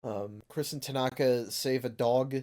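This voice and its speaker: A man's voice: mid-range voice, steady tone, unhurried, a little mellow. A man hosting a casual comic review chat, rambling and joking with fillers and swearing. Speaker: podcast host.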